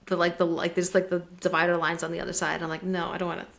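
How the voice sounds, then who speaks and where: A woman's voice: on the low side, flat delivery, very fast, creaky, fairly bright tone. A woman co-hosting a podcast in casual chat, telling rambling stories and acting out the other people's lines, with lots of "like". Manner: rambling storyteller, acts out dialogue, frequent "like". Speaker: podcast co-host. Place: lives in German-speaking Switzerland.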